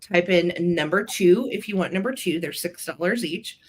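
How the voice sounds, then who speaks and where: In a live vintage sale she co-hosts, a woman chats sweetly and gushes over the items. Her voice is fairly low and moves at a normal speed, with a touch of background noise, and a tickle in her throat has her clearing it.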